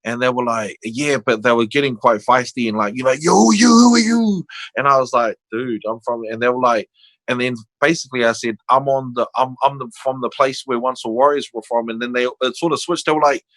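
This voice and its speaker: A man's voice: medium pitch, brisk, no echo, poor audio. An older man with a New Zealand accent, a podcast guest telling stories in casual chat and acting out the voices of people in them. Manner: animated storyteller, acts out quoted voices.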